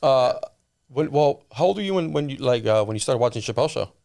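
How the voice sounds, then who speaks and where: A man hosting a podcast in a studio, laid-back and quick to laugh. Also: medium pitch, lively intonation, gravelly, darkish tone. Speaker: podcast host. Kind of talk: casual podcast chat.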